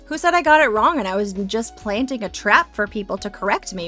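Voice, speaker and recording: A woman's voice: a little high, lively intonation, fairly quick, few pauses, sharp tone, soft background music. A woman streamer chatting casually and playfully, rambling with sarcastic asides, at a home desk microphone. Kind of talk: casual live-stream chat.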